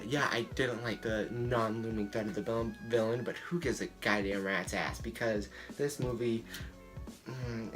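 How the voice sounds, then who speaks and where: Man, movie review vlog, lowish voice, rambling, swears a lot, soft music behind. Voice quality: excitable, swears freely, rambling with restarts. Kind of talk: casual profane rant.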